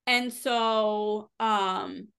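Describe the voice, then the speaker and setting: Her mid-range voice is steady, creaky, clear and resonant, with a fairly bright tone and drawn-out words. She co-hosts a book podcast, retelling the story in a casual, rambling way, dropping "like" constantly and swearing offhandedly.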